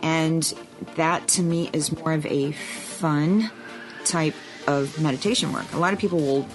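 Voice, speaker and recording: Low-voiced woman podcast co-host. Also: unhurried, music in the background. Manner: earnest and explanatory, with frank asides. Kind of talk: casual chat.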